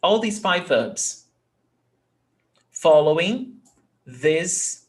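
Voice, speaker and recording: Male language teacher, slightly high voice, slow deliberate delivery, frequent check-ins, online lesson. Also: expressive. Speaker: Portuguese teacher.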